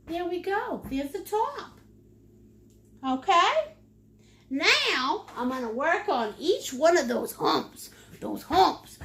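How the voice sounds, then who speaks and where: A woman's voice: very high-pitched, fairly bright tone. A woman leading a live painting lesson, chatty and playful, with sing-song asides. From United States. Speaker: painting instructor.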